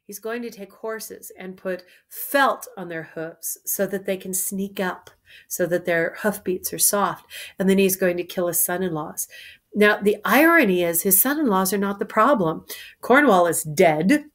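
A woman's voice: mid-range voice, animated, measured pace. A woman casually explaining a play to listeners, with wry, chatty asides. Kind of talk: explaining a play between read passages.

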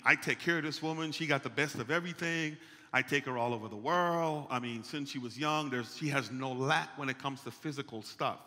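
A man preaching a playful, conversational sermon, calling out to the congregation. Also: fairly high pitch. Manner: animated, playful, calls out to the congregation. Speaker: pastor. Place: church sanctuary. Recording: long church hall reverb.

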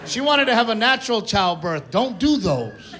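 A man performing a stand-up comedy set on stage, telling a story in an animated way and acting out the voices of the people in it. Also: sits high, normal speed. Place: comedy theater stage with live audience. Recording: live stage recording with crowd noise. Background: audience laughter and applause.

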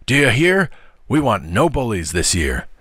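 Man voicing a firm older schoolboy, scolding, storybook reading, forceful bright tone, dry close sound. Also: mid-range voice, very animated, measured pace, no room sound, voice pushed up. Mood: indignant. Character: stern older schoolboy protector, indignant.

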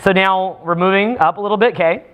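Guy running a live workshop, high voice, swears a lot, ranting for laughs. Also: quick pace, highs cut off, heavy background noise. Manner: profane, animated, mock-ranting. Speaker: seminar speaker. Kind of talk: live workshop talk to a small group.

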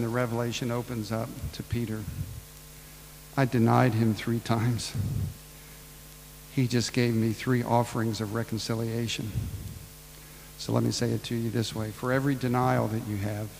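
Gravelly man preaching in an echoey hall. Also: mid-range voice, darkish tone, a little hiss or hum. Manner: casual, ad-libbing retelling with acted-out voices. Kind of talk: storytelling sermon.

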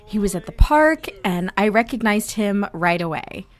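A woman voicing a mother reuniting with her grown son, speaking softly and haltingly with heartfelt warmth. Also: mid-range voice, expressive, lightly acted. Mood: tender. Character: tender mother meeting adult son.

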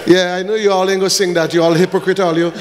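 A man's voice: high-pitched, little pitch movement, fast talker, long reverb tail. A man preaching as a pastor, joking and bantering with the congregation while handing out gifts, sometimes breaking into short sung lines. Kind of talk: church service, handing out gifts. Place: church hall.

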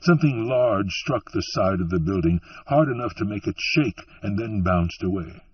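A man reading an audiobook in a slow, measured storytelling manner. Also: fairly low pitch, expressive, husky, dry recording, recorded from a distance. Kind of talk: scripted audiobook narration. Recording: muffled, dry, from off-mic.

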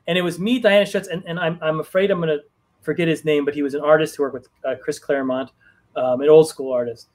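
A man's voice: fairly high pitch, steady tone, quick pace, darkish tone. A man on a video call telling a long story casually, with many fillers and restarts. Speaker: guest writer.

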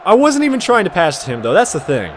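Excitable man shouting over a football game. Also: sits high, fast, slight background noise. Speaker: gaming commentator. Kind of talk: casual gameplay commentary.

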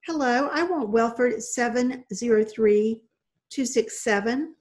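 A woman's voice: on the high side, a little slow, darkish tone, pitched above the performer's own voice, close to an everyday voice. Woman reading a shy older lady on the phone, cautious, formal, hesitant, storybook.

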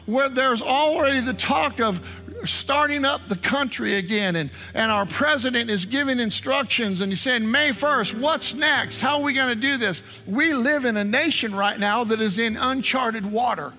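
A man's voice: very high voice, normal speed, pushed and bright. A man preaching as pastor, reading scripture and weaving in prayers with earnest emphasis. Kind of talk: sermon. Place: church. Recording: online service stream with music.

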